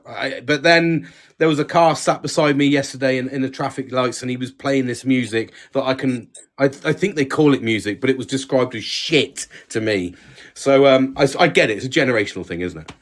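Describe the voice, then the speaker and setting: A man's voice: mid-range voice, fairly quick. A man in his forties, co-hosting a casual chat with sweary, laddish banter. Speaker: podcast co-host.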